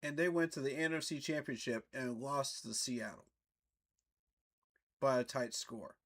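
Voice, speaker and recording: Fan host, man, unhurried, mid-pitched, incredulous ranter. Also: fairly bright tone. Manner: incredulous, ranting, laughing asides. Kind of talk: casual reaction commentary.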